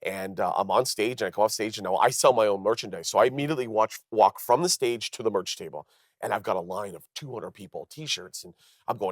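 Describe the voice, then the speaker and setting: Male stand-up, 30s, from Canada; animated storyteller who jumps up in pitch for quoted voices, low voice, dry close mic. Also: fast talker, no room sound. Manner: lively, acts out quoted dialogue in higher voices. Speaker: comedian guest. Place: television studio.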